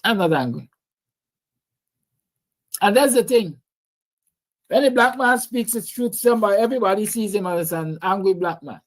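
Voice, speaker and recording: A man's voice: high-pitched, expressive, normal speed, long pauses. A man with a Guyanese accent hosting a livestream, giving impassioned, preachy political commentary and answering viewer comments. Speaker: livestream host.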